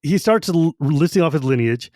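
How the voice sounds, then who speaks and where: Podcast guy chatting about a book, slightly high voice, acts out lines, super dry sound. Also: normal speed, no echo. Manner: animated, acts out quotes. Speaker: podcast co-host. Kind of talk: casual book discussion.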